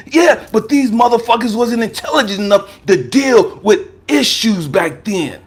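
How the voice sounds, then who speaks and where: Husky American life coach in his fifties, slightly high pitched, blunt and profane testimony delivery. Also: expressive, normal speed. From United States. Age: 50s. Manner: emphatic and profane, swinging from raised outbursts to low murmurs. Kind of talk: personal testimony talk.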